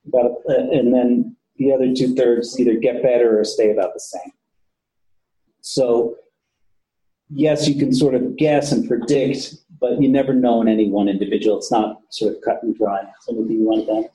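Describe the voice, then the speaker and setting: A man's voice: mid-range voice, steady tone, normal speed, warm tone, echoey room, poor audio. A man who works with patients, giving a casual training talk to police officers and often repeating himself. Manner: conversational, repeats words, casual swearing. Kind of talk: training lecture.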